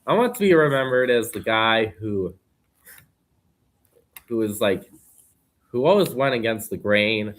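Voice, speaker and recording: Podcast guest: young man, lowish bright tone, earnest and rambly. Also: animated, a little slow, long pauses. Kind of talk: casual conversation.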